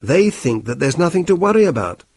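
Man voicing a worried young man, pleading, lively pitch, dry. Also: brisk, breathy edge, no room sound, full character voice. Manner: anxious and pleading. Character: frightened young man seeking help.

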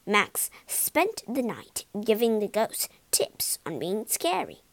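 A woman reading a children's ghost story aloud, lively and expressive, slipping into a whisper now and then. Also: medium pitch, slow, no echo.

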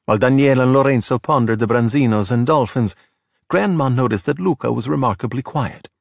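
A middle-aged man reading a children's storybook aloud in a steady, plain way. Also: mid-range voice, fairly quick, creaky, dry recording, studio quality. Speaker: narrator.

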